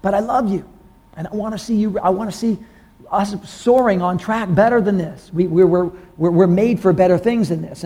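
A man pastor preaching a sermon in a casual, conversational way, asking the congregation questions and rising in pitch when he gets excited. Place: church room with congregation.

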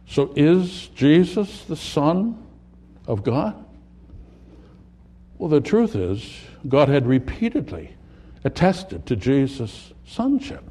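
A man preaching a sermon, dramatically swinging between loud, emphatic lines and hushed, low ones. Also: breathy edge.

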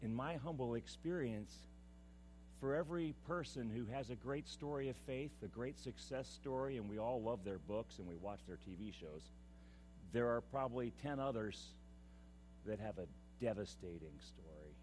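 Male pastor, sermon delivery, impassioned and intimate by turns, with a lively, animated voice. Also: mid-range voice, moderate pace, faint music behind. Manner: impassioned, swings from loud declaiming to hushed confiding.

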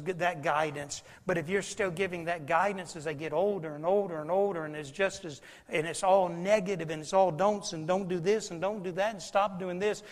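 High-voiced preacher in a hall. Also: male voice. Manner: folksy storytelling, swings between loud and hushed. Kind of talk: sermon. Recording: long hall reverb.

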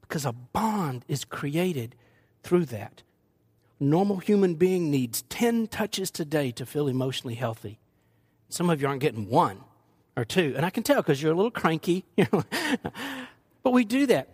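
A man's voice: on the high side, big pitch swings, moderate pace, a little mellow, slightly rough. An older man, preaching a sermon as pastor, joking asides with the congregation.

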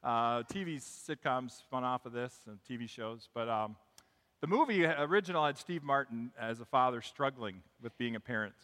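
A man's voice: mid-range voice, expressive, normal speed, bright, forceful tone. A man preaching as pastor of his church, chatty and upbeat, telling jokes and stories to the congregation. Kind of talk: sermon. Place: church sanctuary. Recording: long hall reverb.

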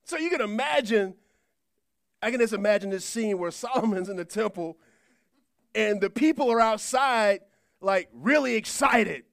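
Preacher, male, very high voice, dynamic delivery from quiet to loud. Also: fairly quick, no echo, studio quality. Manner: dynamic, swings from quiet asides to shouting. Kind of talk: sermon.

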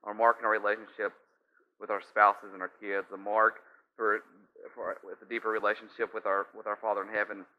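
In a fairly low, level voice and at a fairly quick clip, a male pastor preaches conversationally, telling stories and frequently speaking aside to his listeners. Audio is lo-fi and slightly dull.

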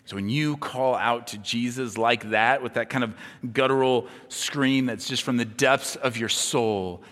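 A man preaching a sermon as pastor, impassioned, swinging between hushed tones and near-shouting. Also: medium pitch, measured pace. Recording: long hall reverb.

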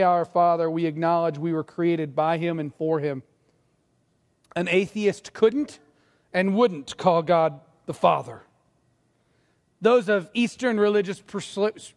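A middle-aged man preaches from the pulpit, his voice pitched high and edged with fry. He mixes scripture with family stories in an easy, talky way. The sound hangs in the long reverb of a large sanctuary. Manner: conversational preaching with personal stories and laughs. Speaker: pastor. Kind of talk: sermon.

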